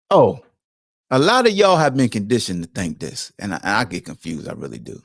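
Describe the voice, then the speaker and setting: A man's voice: lowish voice, sing-song, brisk, gravelly, no echo, studio quality. A man hosting a sports podcast, ranting in a casual, profane, lecturing way. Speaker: podcast host. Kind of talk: casual sports commentary rant.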